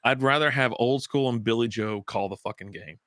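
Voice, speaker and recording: A man's voice: mid-range voice, a little fast, a bit bright, dry recording, clean studio sound. A man co-hosting a casual live chat about football and beer, loose and profane with mocking asides. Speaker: co-host.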